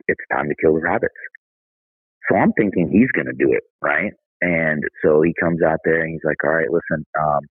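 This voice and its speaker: Deep-voiced, husky man, a candid podcast guest telling a story, thin phone-line sound. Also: no echo. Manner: candid, conversational, says "dude". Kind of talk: casual storytelling.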